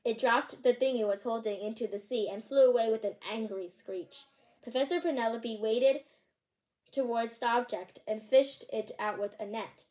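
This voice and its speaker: A woman reads picture books aloud in a slightly high voice. She is bubbly and chatty, dropping little asides between the lines. Now and then she trips over a character's name. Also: normal speed, a little mellow. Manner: occasional stumbles over names. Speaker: channel host reading aloud.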